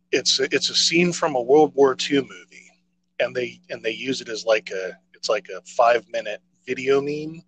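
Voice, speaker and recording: A man's voice: mid-range voice, fairly bright tone, a little hiss or hum, rough recording. A man co-hosting a casual podcast chat, rambling and hesitant with many fillers and restarts. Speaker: podcast co-host.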